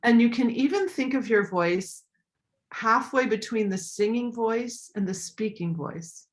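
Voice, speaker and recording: A woman speaking as a coach in a live online session, sharing practical tips. She is animated and acts out voices to demonstrate her points. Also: a little high, a little slow. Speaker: voice and communication coach.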